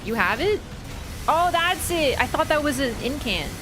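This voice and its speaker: A young woman streaming a video game, commenting on the action, swearing and getting loud and excitable in fights, blunt when scolding her chat. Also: high-pitched, moderate pace, background noise. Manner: excitable, swears, shrieks and laughs during fights. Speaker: gaming streamer. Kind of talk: live gameplay commentary. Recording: game music behind the voice.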